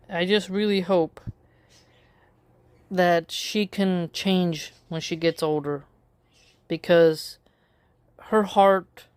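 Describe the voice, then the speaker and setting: Slow, smooth-voiced woman commentator. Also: lowish voice, no room sound. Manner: wry, measured, drawn-out phrasing with pauses. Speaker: political commentary vlogger. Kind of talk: casual opinion commentary.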